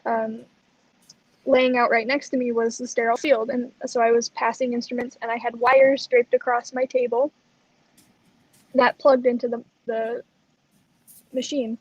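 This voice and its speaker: A woman with a high, husky voice co-hosts a casual chat, telling her story with animation. The recording is dry and a little dull. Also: unhurried, pauses often, no room sound. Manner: animated, acts out quoted lines. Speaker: co-host.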